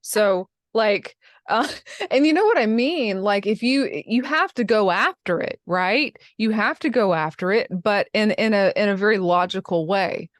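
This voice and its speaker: A woman's voice: mid-range voice, lively intonation, measured pace, no echo, studio quality. A woman giving blunt, emphatic career advice in a casual interview, calling listeners honey and baby.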